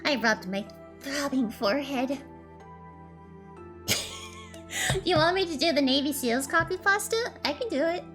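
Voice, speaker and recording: Animated, high-voiced playful streamer woman. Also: a little slow, long pauses, soft background music. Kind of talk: game playthrough reading narration aloud.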